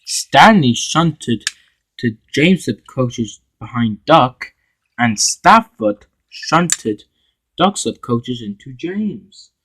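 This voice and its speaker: A man reading an amateur fan story aloud, with halting delivery and frequent restarts. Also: mid-range voice, very animated, a bit bright, husky, low-quality recording. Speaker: narrator and voice of all characters.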